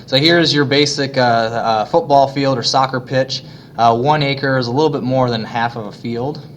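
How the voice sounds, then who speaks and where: A man teaching a history lesson in a casual way, with many fillers and pauses. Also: mid-range voice, slight background noise. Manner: casual, many fillers, plays voices of colonists. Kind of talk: classroom lesson narration.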